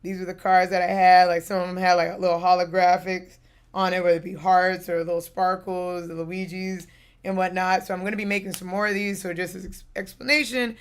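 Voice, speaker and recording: A woman's voice: fairly low pitch, a little fast, smooth. A woman streamer telling a story in a casual, laughing way, acting out quotes and tripping over her words. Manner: laughing, animated retelling with acted-out quotes; trips over words and restarts.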